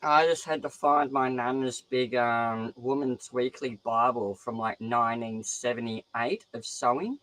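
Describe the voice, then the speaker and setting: A young man with an Australian accent talks loosely and animatedly, peppering his speech with swearing. His pitch sits right in the middle, and he jumps from thought to thought in easy casual chat. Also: measured pace, few pauses, rough recording. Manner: profane, rambling, animated.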